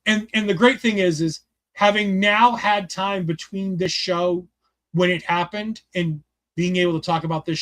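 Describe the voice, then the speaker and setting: A man co-hosting a casual show review, excited and rambling, swearing freely and filling his talk with "like". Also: a little high. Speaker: podcast co-host reviewing a wrestling show.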